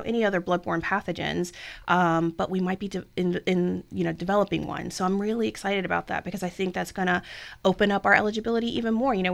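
A woman's voice: lowish voice, gravelly. A woman talking about her blood services work in a chatty, enthusiastic way, with lots of fillers. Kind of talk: casual interview talk.

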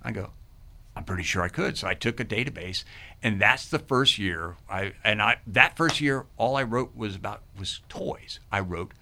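A middle-aged man, a podcast guest, telling animated stories and acting out quoted voices. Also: on the low side, normal speed. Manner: lively, acts out quoted voices. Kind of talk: animated storytelling.

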